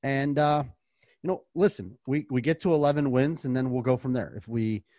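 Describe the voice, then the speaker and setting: A man's voice: medium pitch, normal speed, dark tone, no echo. American man, casual sports podcast host. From United States.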